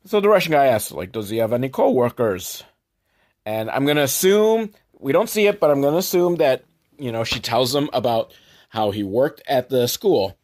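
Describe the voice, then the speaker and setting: Comedic podcast host, male, sarcastic and crude, lively intonation, pops into silly character voices. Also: medium pitch, normal speed. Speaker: podcast host recapping a film. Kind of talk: comedic movie recap.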